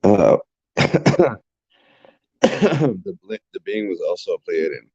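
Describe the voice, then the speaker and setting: A man's voice: sits low, very animated, slow pace, long pauses, mellow, slightly rough. A man giving a rambling, profane casual monologue as a spiritual vlogger, restarting his sentences often. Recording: dull lo-fi recording.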